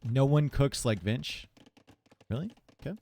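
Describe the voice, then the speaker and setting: A man commentating a live strategy game tournament in a laid-back, chatty way. His voice sits at an ordinary middle pitch, and he drifts between play analysis and talk with his viewers. He is recorded on a desk microphone in a home streaming setup. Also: lively intonation, unhurried, vocal fry, dark tone. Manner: casual, chatty, talks to chat between plays. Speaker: tournament caster.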